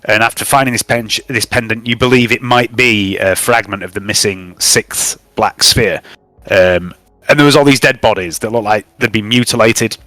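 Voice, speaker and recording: A man narrates a tabletop game as its game master, talking in a relaxed way with lots of ums and uhs. His voice comes across bright and clear, recorded dry and close with faint music underneath. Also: on the low side, normal speed, dry recording. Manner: relaxed recap with frequent fillers.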